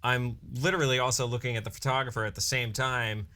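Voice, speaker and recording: A man, a wedding DJ and emcee co-hosting a podcast, telling a story in a casual, animated way and peppering it with "you know" and "right". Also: medium pitch, fast talker. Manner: animated storyteller who briefly acts out his own hype announcements.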